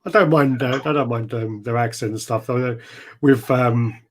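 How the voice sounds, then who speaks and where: A man's voice: mid-range voice, normal speed. A man hosting a casual livestream chat, easygoing, laughing often and reading out viewer names. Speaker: host reading live chat.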